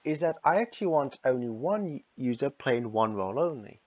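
A man's voice: medium pitch, lively intonation, normal speed, darkish tone, dull audio. A man casually announcing the casting for a fan redub, rambling and repeating himself.

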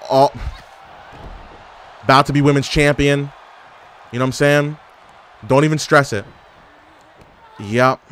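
A young man giving casual, animated gameplay commentary as a gaming YouTuber, trash-talking and exclaiming. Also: mid-range voice, slight background noise. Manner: animated trash talk, frequent laughs and exclamations.

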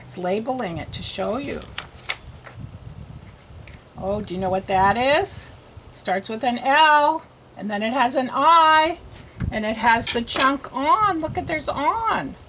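Slow, patient woman reading teacher. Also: on the high side, a bit bright, slight background noise. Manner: patient, sounding out letters and repeating words slowly. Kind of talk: slow read-aloud phonics lesson for young children.

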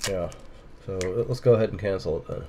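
A man baiting a phone scammer, playing a slow, rambling, confused caller. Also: sits low, mellow. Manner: plays dumb, slow and rambling. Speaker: scam baiter posing as a caller. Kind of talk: prank phone call.

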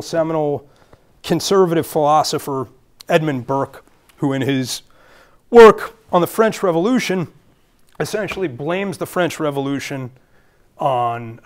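Brooklyn guy giving a talk, kinda high voice, thinks out loud w lots of ums. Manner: earnest, thinking aloud with fillers and restarts. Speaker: guest speaker. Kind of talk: public lecture.

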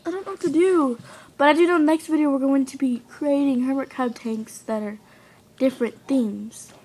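A woman's voice: sits high, moderate pace, darkish tone. A teenage girl from the United States chatting casually in a home vlog, giggly and easily sidetracked. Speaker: vlogger. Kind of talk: casual chat.

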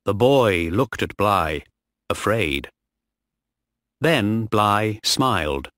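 Male narrator, slow learner-level audiobook reading, lively pitch. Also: dry recording, studio quality. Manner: very slow, clearly phrased, lively intonation. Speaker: storyteller.

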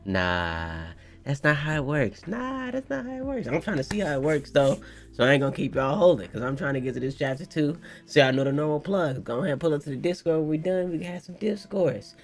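A young man hosting a casual manga reaction, excitable, slangy and profane as he riffs to his viewers. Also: on the high side, brisk, faint music behind. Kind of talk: casual live reaction commentary.

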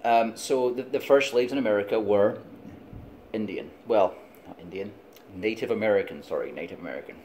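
A man's voice: fairly low pitch, a little fast, a little mellow, slight background noise. A middle-aged man with a Scottish accent, vlogging in a rambling, digressive monologue, chatty and laughing often. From Scotland.

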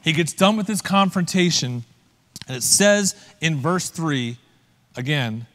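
Male pastor, slightly high voice, conversational sermon delivery, long hall reverb. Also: lively intonation, measured pace, fairly bright tone. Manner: conversational, asks listeners direct questions. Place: church.

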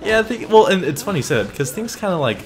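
A man's voice: high voice, big pitch swings, racing, over music. A man playing a co-op game as a guest, laid-back, sarcastic and laughing often. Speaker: guest co-player. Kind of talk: casual co-op gameplay banter.

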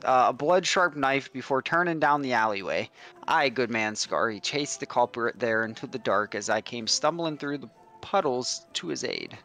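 A man's voice: medium pitch, normal speed, sharp tone, soft background music. A man voicing a male dwarf storyteller, reading an old-fashioned tale aloud and now and then stumbling over the words. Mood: storytelling.

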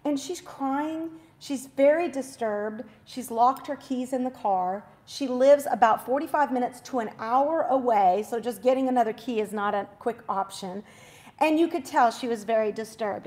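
A high-pitched woman in her forties hosts a faith talk show and tells a personal story. She talks in a chatty, relaxed devotional style, throwing in quick asides and self-corrections.

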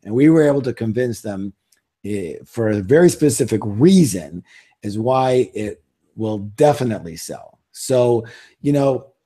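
A man's voice: medium pitch, expressive, a little slow, dark tone. A middle-aged man telling stories as an interview guest in a casual, self-assured way, with emphatic repeats. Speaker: interview guest, author and seminar leader.

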